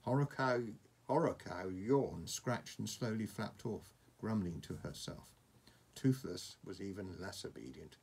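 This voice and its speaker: A man reading a storybook aloud to a child, pausing for asides about the pictures. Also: fairly low pitch, creaky, breathy edge. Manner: warm asides, chuckles at the pictures.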